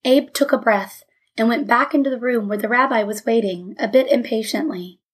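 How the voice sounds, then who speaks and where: A woman reads a story aloud as an audiobook narrator, measured and even. Her voice sits somewhat high. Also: husky.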